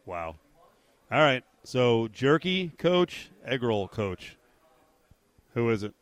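A man's voice: medium pitch, very animated, slow pace, dry recording. Wry man on a dry studio mic. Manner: brief, wry interjections. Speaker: sports radio co-host. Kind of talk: casual sports talk.

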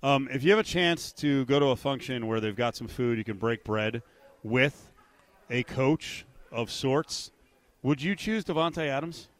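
A man's voice: medium pitch, expressive, measured pace. A man co-hosting a sports radio show, chatting casually and dropping wry, brief remarks.

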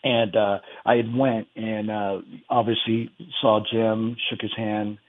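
A man calling in to a radio show, telling a story in a rambling, halting way over a phone line. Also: fairly low pitch, little pitch movement. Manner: rambling, halting, many restarts. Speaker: caller.

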